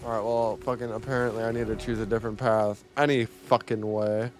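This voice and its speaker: A young man cursing his way through a game, talking to himself and breaking into loud exclamations. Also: on the low side, flat delivery, a little fast. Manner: profane, talks to himself, bursts into loud exclamations. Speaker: gamer. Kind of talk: live gameplay commentary.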